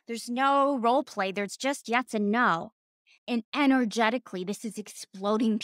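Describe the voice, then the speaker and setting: A woman's voice: mid-range voice, sharp tone, dry recording. Earnest woman podcast host, dry sound. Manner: earnest and emphatic, repeats words for stress; candid, with light laughter and casual swearing. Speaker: podcast host and former therapist. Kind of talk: reflective teaching monologue.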